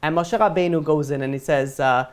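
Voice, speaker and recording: A man's voice: on the high side, a little fast, clear, resonant tone. A man teaching a casual Torah lesson as a rabbi, retelling the story with jokes and side tangents. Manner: joking, digressive storytelling.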